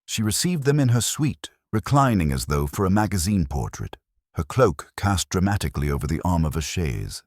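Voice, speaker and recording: A man giving scripted narration of a mystery in a measured storytelling manner. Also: deep voice, sing-song, dry recording, clean studio sound.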